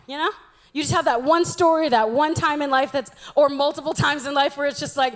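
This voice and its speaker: Young woman, very high-pitched voice, chatty, self-mocking, humorous church talk. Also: animated, brisk. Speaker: youth speaker.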